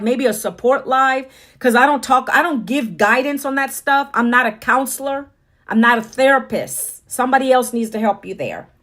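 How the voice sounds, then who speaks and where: A woman's voice: on the high side, fairly bright tone. A middle-aged woman hosting a casual livestream, chatty and upbeat, talking straight to her viewers on her phone. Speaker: livestream host.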